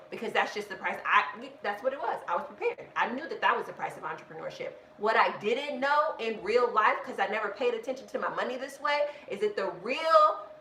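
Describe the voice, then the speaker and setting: A woman hosting a live budgeting stream, talking in a casual, animated rant and often restarting with "like.". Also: a little high. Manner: animated, self-interrupting, heavy use of "like". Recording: echoey room with faint background noise.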